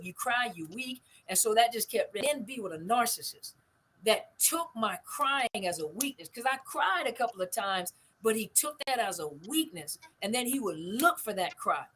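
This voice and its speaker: A woman's voice: on the high side, a bit bright, slight background noise, low-quality recording. An older woman, hosting a family conversation and telling stories with emphatic repetition. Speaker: host.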